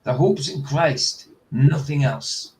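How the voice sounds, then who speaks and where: A man's voice: a little high, lively intonation, slow, a little mellow, a little hiss or hum, low-quality recording. Blunt skeptical man reacting. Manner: blunt, skeptical, rhetorical questions. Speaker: host. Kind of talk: casual reaction commentary.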